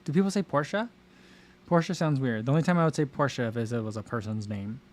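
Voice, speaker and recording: A man in a casual livestream chat who answers his viewers as he goes. He rambles, trails off and restarts his sentences, with a voice of middle pitch. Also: expressive, fast talker, slight background noise. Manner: chatty and rambling, many fillers and self-interruptions. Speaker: livestream host reading chat.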